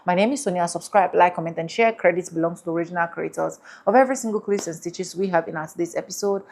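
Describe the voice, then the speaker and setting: A woman's voice: lowish voice, gravelly, a little mellow. Emphatic woman commentary host. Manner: emphatic, repeats phrases slowly for stress. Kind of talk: casual commentary.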